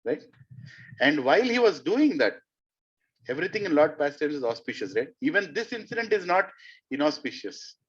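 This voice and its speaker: A man's voice: a little high, sing-song, normal speed, husky. A man giving a devotional storytelling talk and questioning his audience often. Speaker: spiritual speaker. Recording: dull lo-fi recording.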